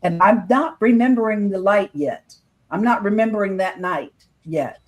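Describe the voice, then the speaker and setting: A middle-aged woman earnestly telling a personal story in casual podcast talk, quoting others in lively voices. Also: mid-range voice, normal speed. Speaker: guest telling her own experience.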